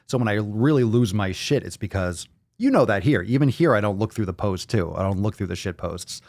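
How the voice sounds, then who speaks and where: A man hosting a live podcast stream, talking loudly and excitedly, repeating phrases and swearing often. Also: lowish voice, brisk, no echo. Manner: plays soundboard clips. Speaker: podcast host.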